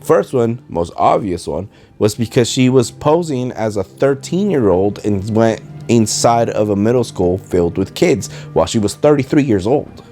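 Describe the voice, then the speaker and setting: His fairly low, mellow voice is animated, at a normal speed with hardly any pauses, while he hosts a casual, rambling podcast from home. He speaks Spanish-influenced English with rolled R's and tends to lose his train of thought. In the background are a running dishwasher and faint video game music.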